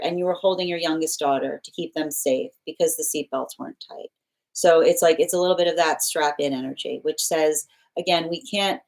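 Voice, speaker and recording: A woman's voice: low-pitched, darkish tone, poor audio. A woman giving a live tarot dream reading in an earnest, flowing way, often checking in with "right?" and leaning on spiritual phrases. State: choked up with emotion. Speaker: tarot reader.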